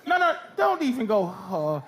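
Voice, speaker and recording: A man's voice: very high-pitched, lively intonation, moderate pace. A man doing stand-up in a comedy club, brashly mocking audience members with profane crowd work. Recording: loud crowd laughter, club noise.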